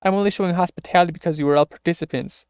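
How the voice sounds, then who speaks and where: A man's voice: high voice, racing, clean tone, dry recording, clean studio sound, pitched above the performer's own voice, lightly acted. A man voicing an aloof woman who hosts a deadly game, speaking in a formal, distant way. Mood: cold.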